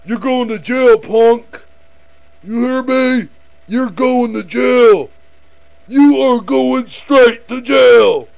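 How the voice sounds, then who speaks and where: A man doing a gravelly, threatening cop. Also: extremely high pitch, extremely slow, heavily acted. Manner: shouting threats. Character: gruff threatening male cop making an arrest.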